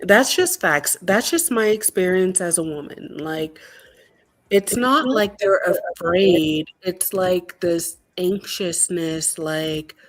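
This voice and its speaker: A woman's voice: lowish voice, takes it slowly. A woman from Colorado calling in to a casual talk show, blunt and chatty with lots of fillers. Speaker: guest caller. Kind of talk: casual call-in chat.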